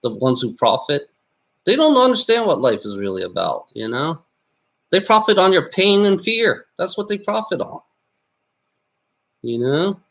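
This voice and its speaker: A man's voice: big pitch swings, normal speed, long pauses, a bit bright. A man vlogging in a rambling monologue, repeating himself, swearing and tagging nearly every line with "you know?". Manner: voice jumps high on exclamations.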